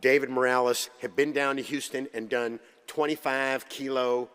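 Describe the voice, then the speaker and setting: A man giving a keynote in a conference hall, with a mid-range voice. He tells stories in a relaxed, humorous, anecdotal way. His voice trails off into a long hall reverb. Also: mid-range voice, moderate pace, clear, resonant tone. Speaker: keynote speaker.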